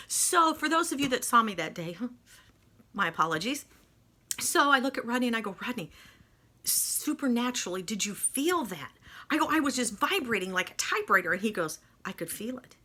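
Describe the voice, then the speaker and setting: A woman telling a personal faith testimony, emotional and animated, with folksy asides. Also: on the high side. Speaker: speaker sharing faith testimony.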